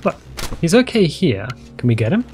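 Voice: medium pitch, very animated, normal speed, darkish tone, slight background noise. A streamer giving casual gameplay commentary in a goofy, joking way, often talking to the creatures in the game.

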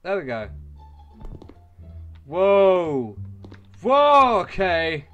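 Young male gamer, high pitch, loose unhurried delivery with frequent outbursts and curses, light music behind. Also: very animated, smooth, phone-quality sound. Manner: swearing, exclaiming, rambling with frequent outbursts. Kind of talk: let's play commentary.

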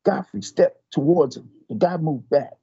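An older man, a martial arts master, telling a story in an interview, animated and stumbling over repeated words. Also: a little high, moderate pace, husky, no room sound, highs cut off.

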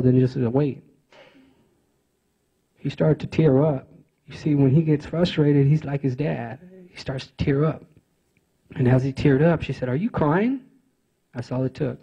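A man tells his own story to a conference audience, earnest and halting, circling back with fillers and restarts. His voice is husky and mellow at an average pitch. The recording is muffled and lo-fi. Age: adult father of teenage sons. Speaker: conference speaker. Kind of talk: personal storytelling speech.

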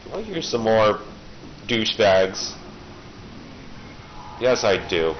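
A man's voice: on the low side, big pitch swings, slow, long pauses. A man with a cold giving casual, sarcastic gameplay commentary and playfully taunting the enemies he fights. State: has a cold. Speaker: let's play gamer. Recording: dull lo-fi recording with faint hiss.

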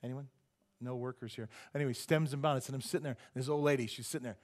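Fervent animated male pastor. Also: mid-range voice, fast talker. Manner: animated storytelling, rising to fervent prayer. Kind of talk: sermon.

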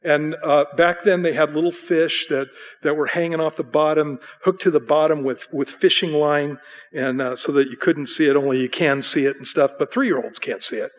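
A middle-aged American man preaching a sermon as pastor, telling stories in an animated way and acting out voices. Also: a little high, normal speed. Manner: animated storytelling, acting out voices with bleats and bursts of excitement.

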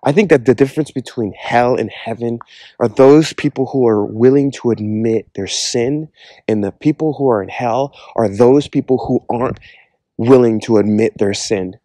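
A man speaks in a mellow, warm voice, recorded dry and close with no room sound. He delivers an earnest personal testimony in a loose, conversational way, leaning on casual fillers as he talks. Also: medium pitch, normal speed, dry recording. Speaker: Christian speaker giving a testimony.

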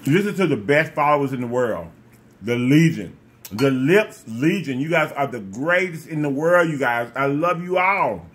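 A man's voice: mid-range voice, animated, moderate pace, a bit bright. A man vlogging casually to his viewers while eating, effusive and repetitive, sometimes talking with his mouth full. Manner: effusive, repeats phrases, talks with food in mouth. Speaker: mukbang vlogger.

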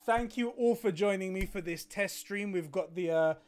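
A man's voice: sits high, moderate pace, darkish tone. A young man streaming live, swearing and laughing in disbelief as he reacts.

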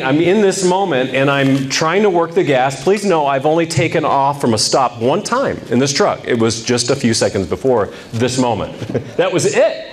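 A middle-aged man telling a humorous personal story to a men's group, with lively, animated delivery. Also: fairly high pitch. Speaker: speaker at a men's ministry event. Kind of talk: storytelling talk.

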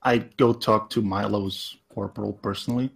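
A man playing a commanding officer in a tabletop game, speaking deliberately. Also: lowish voice, fairly even intonation, creaky, a bit bright, breathy edge. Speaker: player. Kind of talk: tabletop role-play.

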